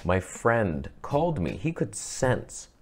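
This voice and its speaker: Over soft background music, a camera YouTuber recounts a story for his casual vlog in a slow, slightly rough voice. He performs the quoted lines animatedly, his pitch jumping sharply.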